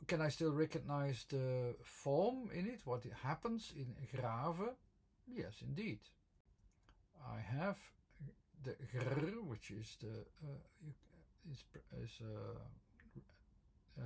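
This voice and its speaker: Hesitant man with a gravelly, husky voice. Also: mid-range voice, expressive, slow pace, pauses often, a little mellow. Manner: hesitant, many fillers and restarts. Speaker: video presenter explaining his word-form theory. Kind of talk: unscripted explanatory talk.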